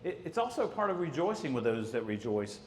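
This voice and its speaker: A man's voice: medium pitch, sing-song, fast talker, slight background noise. Man teaching couples in an echoey hall. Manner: conversational, tells anecdotes, acts out quotes. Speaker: marriage counselor. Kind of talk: church talk on marriage. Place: church hall. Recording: echoey hall, faint ambience.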